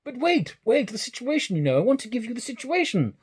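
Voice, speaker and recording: A man reading aloud and voicing an excitable, generous elderly gentleman who exclaims in a high, eager voice. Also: quick pace, slightly rough, exaggerated voice. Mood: jubilant.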